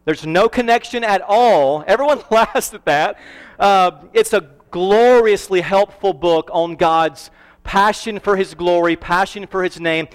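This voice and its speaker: High-voiced man preaching in a church hall. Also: clear, resonant tone. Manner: earnest, emphatic preaching with slowed, stressed phrases. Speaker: pastor. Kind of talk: sermon. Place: church sanctuary.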